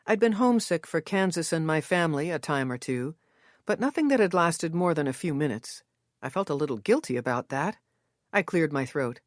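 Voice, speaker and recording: A woman reading a mystery novel aloud in first-person, measured and steady. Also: sits low, no echo, clean studio sound. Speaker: audiobook narrator. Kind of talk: scripted first-person narration.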